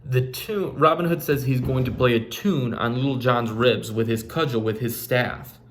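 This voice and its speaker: A man's voice: medium pitch, moderate pace, slight background noise. A man teaching a recorded literature lesson in a casual way, with frequent fillers and restarts. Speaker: English teacher.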